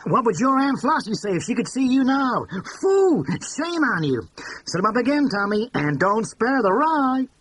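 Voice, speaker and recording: A man's voice: extremely high pitch, big pitch swings, normal speed, pitched above the performer's own voice, exaggerated voice, rough recording. A man putting on a brassy older dame. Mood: teasing. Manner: loud, brassy, drawling. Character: brash brassy older woman, cocktail-drinking, blunt.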